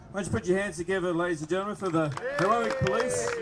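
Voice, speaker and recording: At an outdoor public open day, an Australian police presenter runs a demonstration for a live crowd, joking upbeat with the kids over a microphone through loudspeakers. He's high-pitched and talks fast with hardly any pauses, with music playing underneath.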